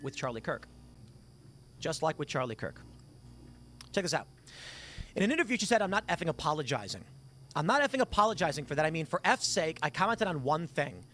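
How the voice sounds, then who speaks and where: A man's voice: fairly high pitch, a bit bright, a little hiss or hum. Rambling man hosting a commentary show. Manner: rambling, conversational, frequent restarts. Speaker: podcast host. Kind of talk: casual political commentary and storytelling.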